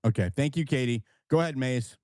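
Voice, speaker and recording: Dark-voiced man hosting a group chat. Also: medium pitch, brisk, slight background noise. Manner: probing, asks follow-up questions, insists on distinctions. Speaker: host of a live audio discussion. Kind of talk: moderating casual group discussion. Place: live audio chat room.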